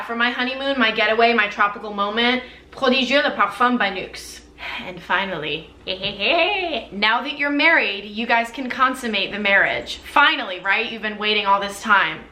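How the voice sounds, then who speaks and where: A woman's voice: mid-range voice, sharp tone, reverberant, a little hiss or hum. A young woman reviewing perfumes in a casual, effusive and playful way, with dramatic gushing. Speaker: beauty vlogger.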